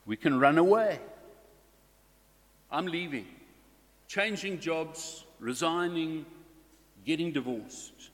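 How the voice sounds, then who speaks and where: A man preaching a sermon to his congregation in a slow, deliberate way, stressing key words. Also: on the high side, animated, in a large hall.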